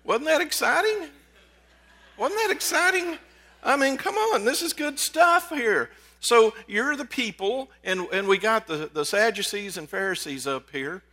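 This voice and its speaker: A pastor preaching a lively, conversational sermon to his congregation, calling them folks. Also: high voice, unhurried, few pauses. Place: church sanctuary.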